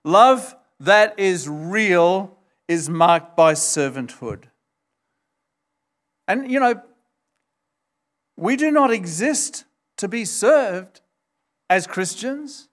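A man delivering a sermon in a high, light voice at an unhurried, measured pace. He leans on key words, pushing up into sharp exclamations, and acts out the quoted lines with extra lift. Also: animated. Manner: emphatic, rising to high exclamations for stress; acts out quoted dialogue in a raised voice. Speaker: pastor.

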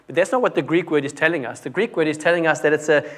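A man's voice: on the high side, lively intonation, fast, hardly any pauses, a bit bright. A young man preaching a conversational sermon, often dropping his voice to stress a point. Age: young adult. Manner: conversational, with restarts and dramatic drops in volume.

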